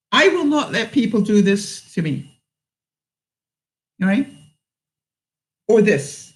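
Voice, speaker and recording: A woman's voice: medium pitch, big pitch swings, takes it slowly, pauses often, rough recording. A woman vlogger giving frank advice to her viewers, laughing often and acting out what she would say. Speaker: vlogger answering viewer questions. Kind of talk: casual advice talk.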